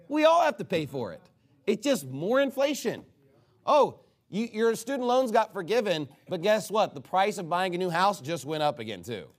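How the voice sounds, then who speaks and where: A pastor preaches a sermon in a lively, sarcastic way, his voice sitting somewhat high for a man. He throws rhetorical questions at the congregation and jabs at them with dry asides.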